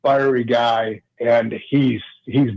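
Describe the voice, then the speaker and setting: A man, a former pro football player, recounting his memories as a guest on a radio show, talking in halting sentences full of restarts. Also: mid-range voice, fairly even intonation, dry recording, lo-fi sound. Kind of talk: conversational radio interview.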